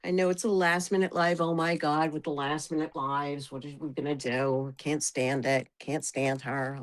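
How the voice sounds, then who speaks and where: Woman streamer, low voice, chatty and self-mocking, dry close sound. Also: flat delivery, unhurried, few pauses, dry recording. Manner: chatty, self-mocking, talks to her dogs. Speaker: live streamer. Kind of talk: casual livestream chat.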